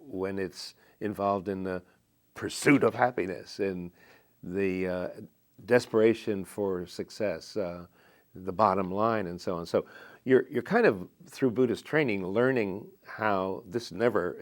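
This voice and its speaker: An older American poet reading his poems aloud and reflecting on them between readings, in a slow, measured way with thoughtful pauses. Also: lowish voice. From United States. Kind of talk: poetry reading and reflective talk. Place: TV studio.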